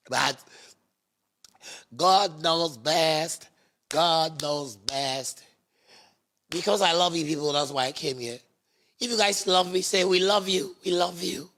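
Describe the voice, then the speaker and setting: A Ghanaian man with a gravelly voice puts on a melodramatic, self-pitying woman, whining in a sing-song and repeating his phrases. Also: fairly high pitch, bright, forceful tone, exaggerated voice. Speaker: musician mocking a critic. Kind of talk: mocking impersonation monologue.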